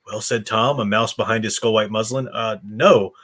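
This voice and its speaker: American male host, book discussion, reads the lines with animated voices. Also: mid-range voice, moderate pace, few pauses. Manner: reads dialogue with lively expressive voices. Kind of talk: reading aloud and discussing a novel.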